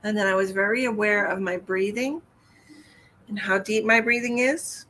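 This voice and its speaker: A woman's voice: mid-range voice, normal speed, pushed and bright. Soothing woman giving live psychic readings. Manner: soothing, calls viewers hun and honey, reads comments aloud. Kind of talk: live-stream reading to viewers.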